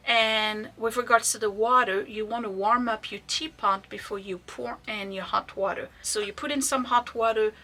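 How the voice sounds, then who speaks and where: A woman running an online vintage shop, chatting casually and enthusiastically as she shows items, sometimes dropping to soft asides. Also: a little high, fairly even intonation, moderate pace, hardly any pauses, soft background music. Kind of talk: casual product showcase.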